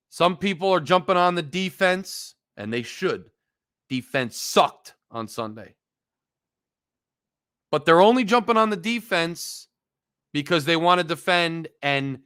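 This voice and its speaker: A man with a bright, forceful voice pitched a little high, hosting a fan show. He rants emphatically, circling back to his points with wry exasperation. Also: clear, resonant tone. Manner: emphatic, wry, repetitive ranting. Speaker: sports podcast host. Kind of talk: casual fan rant.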